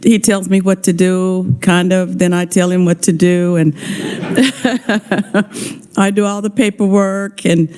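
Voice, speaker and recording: A woman speaks with heartfelt gratitude in a legislative hearing room, her voice mellow and warm. She talks as an honoree at the committee and sounds a little emotional. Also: lowish voice, fairly even intonation, slow. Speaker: honoree testifying.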